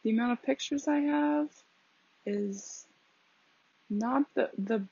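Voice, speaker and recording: Young woman rambling on her podcast, kinda higher voice, creaky, dull lo-fi phone mic. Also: takes it slowly, warm tone, no echo. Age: young adult. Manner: chatty, lots of fillers, laughs at herself. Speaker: podcast host. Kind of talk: casual rambling monologue. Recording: dull lo-fi home recording.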